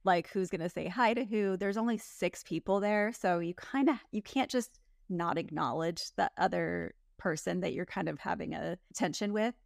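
A woman's voice: on the low side, moderate pace, creaky, few pauses, no room sound, clean studio sound. A young woman co-hosting a casual chat, giving candid, opinionated takes and mimicking the people she discusses. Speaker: podcast co-host.

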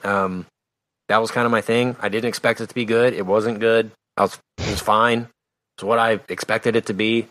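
A man's voice: lowish voice, steady tone, moderate pace, fairly bright tone, dry recording. A man co-hosting a podcast in casual chat, offhand and hesitant with many fillers. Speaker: podcast co-host.

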